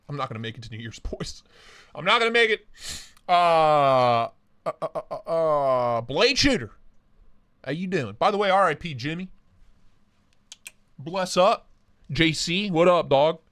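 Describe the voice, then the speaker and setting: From his home office, a livestream host with a slightly high, bright voice reads viewer comments in a casual chat, greeting people by name and cracking crude jokes. He speaks unhurriedly with lively intonation and long pauses, winded from a big meal.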